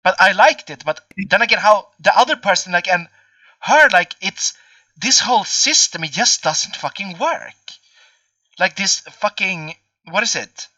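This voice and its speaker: A man's voice: sits high, expressive, unhurried, pushed and bright, no room sound, recorded from a distance. A man in his twenties chatting casually as a podcast host, rambling and swearing with many fillers. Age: 20s. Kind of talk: casual chat.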